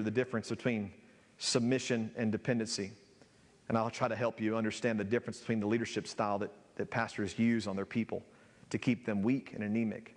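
A man's voice: mid-range voice, in a large hall. A man preaching a sermon as a pastor, reading scripture aloud and building in intensity.

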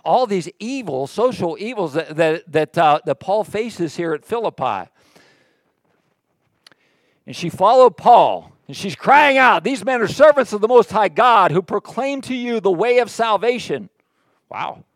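In a church, a male pastor with a high-pitched voice gives an animated sermon. He slips into quiet, jokey, sarcastic asides to the congregation before climbing into loud, emphatic reading, and the sound is dry and close with little room echo.

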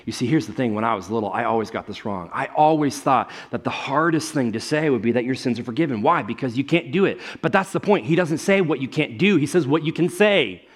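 A young adult man preaching a sermon on stage, telling stories with loud bursts and quiet asides. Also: mid-range voice, fairly quick, few pauses, husky. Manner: animated storytelling, swinging between loud bursts and quiet asides. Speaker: pastor.

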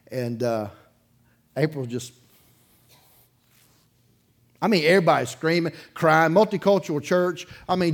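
In a church sanctuary before his congregation, a pastor delivers a sermon, spinning a story in a relaxed, chatty manner. His voice sits on the high side, and he chuckles between sentences while shifting from loud outbursts to hushed asides.

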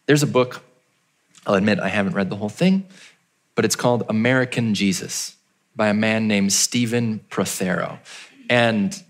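A man preaching a sermon as pastor, telling the story and acting out the townspeople in a raised voice, then dropping low and quiet for emphasis. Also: moderate pace.

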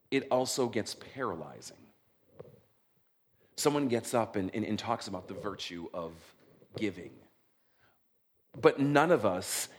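A middle-aged male pastor preaching a sermon in an animated, conversational way, often checking in with his listeners. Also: fairly low pitch, a little hiss or hum. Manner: conversational, animated, frequent "right?" check-ins.

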